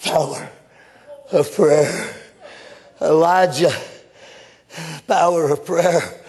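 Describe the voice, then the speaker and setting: A male preacher delivering an animated sermon that swings between hushed and shouted lines. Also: high-pitched, moderate pace, vocal fry, breathy edge.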